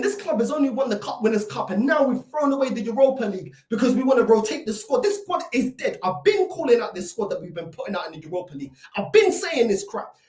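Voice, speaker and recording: A woman's voice: fairly high pitch, darkish tone. A woman delivering a fuming, repetitive rant as a football fan reacting to a match. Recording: echoey room, mic at a distance.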